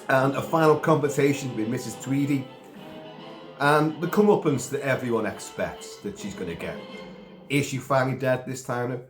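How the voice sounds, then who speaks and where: A man's voice: medium pitch, reverberant. A man, sick and coughing, giving a rambling casual film review with asides and mild swearing.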